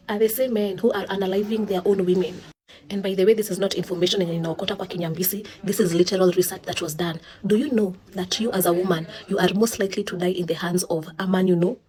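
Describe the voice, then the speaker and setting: A social commentator with a Kenyan accent delivers a sarcastic, indignant opinion monologue, switching between English and Swahili. Her medium-pitched voice is fast with a darkish tone.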